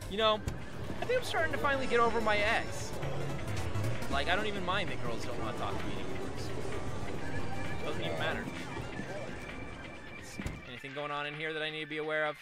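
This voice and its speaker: Chatty man over loud game music. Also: fairly high pitch. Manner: chatty, self-mocking, trash-talks the game. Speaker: gaming video creator. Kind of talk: casual let's-play commentary.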